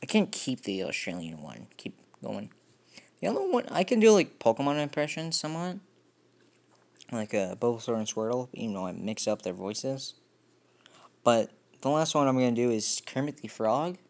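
A man chatting casually to camera in a home video. His talk rambles, full of self-deprecating asides, at a middling pitch. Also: very animated, moderate pace, gravelly, darkish tone. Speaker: vlogger.

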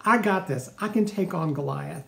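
A man's voice: fairly high pitch, normal speed, gravelly, fairly bright tone, echoey room. A pastor doing a cocky young shepherd boy. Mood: confident. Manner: eager, cocky.

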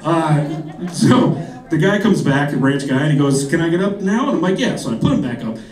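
A man on a comedy club stage tells loose, rambling stories, laughing along and slipping into voices for his characters. His voice is fairly high and swings widely in pitch. It sounds roomy and picked up from some distance, with audience laughter around it. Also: lively intonation, brisk, a little mellow. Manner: rambling storytelling with frequent laughs and mimicked voices. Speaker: stand-up comedian. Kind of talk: stand-up set. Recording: echoey club, mic heard from a distance, crowd laughter.

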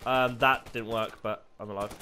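A young British man giving casual commentary while playing a multiplayer game, excitable and swearing freely. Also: medium pitch, normal speed, slight background noise. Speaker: gamer.

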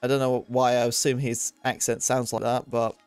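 A man's voice: mid-range voice, normal speed, clean tone, no echo, faint music behind. A man streaming a shooter game, chatting casually and rambling, poking fun at his own play. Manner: chatty, rambling, self-deprecating, excitable. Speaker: gaming streamer. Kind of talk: casual gameplay commentary.

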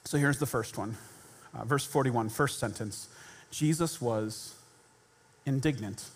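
Man preaching in church, lively and theatrical, voices the people in his stories. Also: medium pitch, unhurried, slightly rough. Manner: animated, acts out quoted voices. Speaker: pastor. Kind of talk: sermon. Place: church sanctuary.

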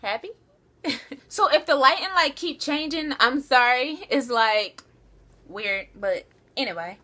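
A woman's voice: sits high, lively intonation, unhurried, bright, forceful tone. A young woman answering viewer questions in a casual, chatty vlog, giggling often and peppering her talk with "like.".

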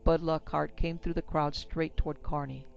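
A man narrating an old western story in a measured, steady reading. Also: fairly high pitch, gravelly, dull audio, slight background noise.

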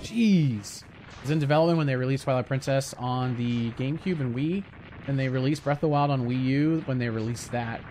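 A man's voice: mid-range voice, brisk, a little mellow, a little hiss or hum. A man chatting casually with viewers during a game livestream, reacting to gameplay and reading chat aloud. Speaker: game streamer.

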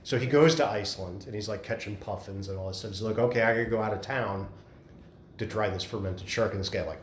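A man leading a Bible study group, telling animated stories in a casual chat. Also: on the low side, quick pace, slight background noise. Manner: chatty, animated storyteller. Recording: echoey room.

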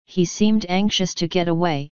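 A woman's voice: lowish voice, normal speed, smooth, no room sound, lightly acted. A woman voicing an earnest young male watchman in an audiobook reading. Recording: dull lo-fi audio.

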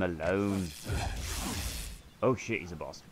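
A man's voice: low-pitched, very animated, moderate pace, long pauses, noisy background. A man swearing and joking his way through a video game. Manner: sweary, jokey running commentary. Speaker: gamer. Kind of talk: let's play commentary.

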